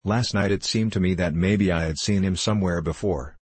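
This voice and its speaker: A man's voice: low voice, moderate pace, a little mellow, slightly rough, dry recording. A man voicing a troubled, earnest married woman in an audiobook. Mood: anxious.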